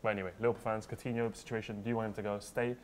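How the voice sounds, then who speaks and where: A man co-hosting a casual football debate in an office, animated and teasing, with plenty of street slang. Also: on the low side, very fast, slight background noise. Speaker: co-host.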